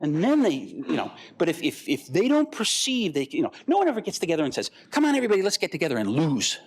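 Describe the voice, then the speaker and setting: An older man giving a conference talk, animated and rambling, acting out the voices of the people in his stories. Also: on the high side, fast talker, breathy edge. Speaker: guest speaker.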